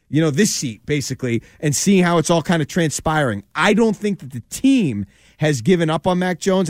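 New guy, earnest sports talk, a bit higher voice, dry close mic. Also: no echo. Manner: earnest, measured, reasoning aloud. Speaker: podcast co-host.

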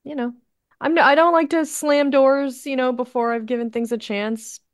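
A woman's voice: high-pitched, steady tone, normal speed. A woman co-hosting a podcast, chatty and agreeable in casual conversation. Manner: agreeable, chatty, laughs easily. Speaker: podcast co-host. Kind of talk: casual chat.

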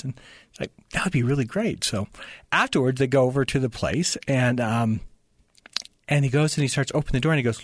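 A man's voice: medium pitch, animated, brisk, husky, no room sound, studio quality. A man who writes books, talking in an interview and telling a story, stumbling over restarts and acting out the voices of the people in it. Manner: stammering restarts, acts out quoted voices. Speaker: author guest.

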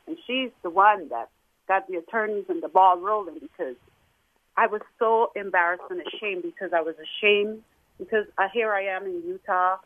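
A woman's voice: medium pitch, dry recording. Tearful woman on a tinny phone line. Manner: tearful, halting. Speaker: caller. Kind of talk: emotional phone-in account. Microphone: telephone.

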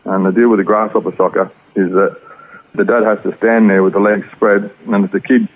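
Fast-talking husky Australian man. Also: fairly low pitch, flat delivery. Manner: earnest, rambling storytelling. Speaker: interview guest. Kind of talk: personal testimony. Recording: tinny phone-like radio audio.

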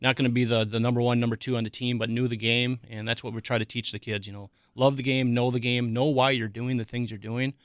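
Middle-aged man, youth coach guest, halting speech, smooth voice, dry studio. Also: medium pitch, flat delivery, no echo. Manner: hesitant, many ums and uhs. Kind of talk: casual radio interview.

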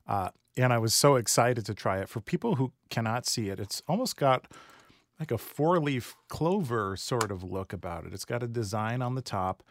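An enthusiastic male radio host talks casually in a studio, eating and reacting with excitement. His voice is medium in pitch and sits close and dry on the studio mic, with no room echo. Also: moderate pace. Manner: enthusiastic, chatty, eating while talking. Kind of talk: casual studio food chat. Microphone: studio microphone.

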